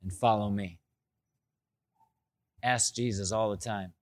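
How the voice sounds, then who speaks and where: A middle-aged male pastor preaching a sermon and telling stories, with loud, excited bursts that drop into soft, low asides. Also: slow pace, long pauses.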